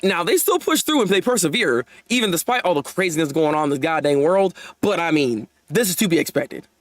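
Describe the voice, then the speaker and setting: Lively, high-pitched young man reacting. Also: brisk, no room sound, clean studio sound. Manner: animated, laughing often, talking to his viewers. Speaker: manga reaction host. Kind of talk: live manga chapter reaction.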